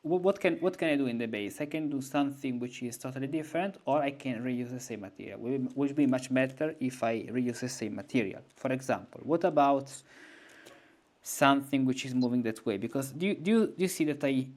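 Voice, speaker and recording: A man's voice: mid-range voice, a little fast, a little mellow. A male music teacher giving an informal composition lesson, thinking aloud and humming melodies on nonsense syllables.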